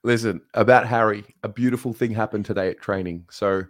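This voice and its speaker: A man co-hosting a football fan show, relaxed and calm as he steers it along and reads out announcements. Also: on the low side, brisk, dry recording, studio quality. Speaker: co-host. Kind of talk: casual show chat and announcements.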